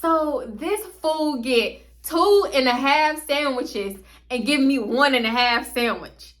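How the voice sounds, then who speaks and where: A woman with a bright, forceful, slightly high voice tells a wild storytime to camera. She is animated and laughing, talking straight to her viewers as if they were friends, in a loose, casual monologue. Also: slow. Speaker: vlogger.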